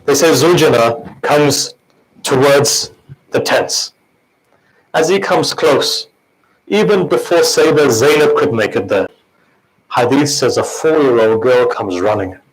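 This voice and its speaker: A man's voice: mid-range voice, slow pace, slightly rough, rough recording. A man giving a mourning sermon in an impassioned, conversational way, often putting questions to his listeners. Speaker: preacher.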